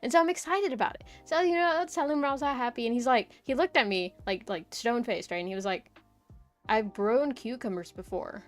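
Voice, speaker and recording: A woman's voice: a little high, quick pace, hardly any pauses, faint music behind. A young woman streamer chatting casually, rambling through a story with lots of "like" and "right?".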